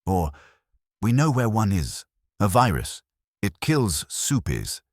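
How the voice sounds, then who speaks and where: A man's voice: lowish voice, sing-song, no room sound, studio quality, voice pushed up, exaggerated voice. A man voicing a tall, jittery young man who blurts his words out nervously. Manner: blurting, hurried.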